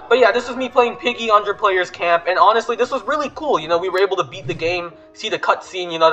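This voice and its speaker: A man hosting a gaming video, commenting excitably and panicking with repeated words. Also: sits high.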